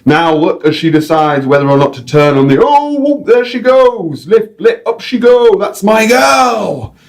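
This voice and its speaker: A man voicing a red-faced, jolly male bird-show guide with a Northern English accent, exclaiming and booming as he reads aloud from his novel. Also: very animated, a little slow, heavily acted. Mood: excited.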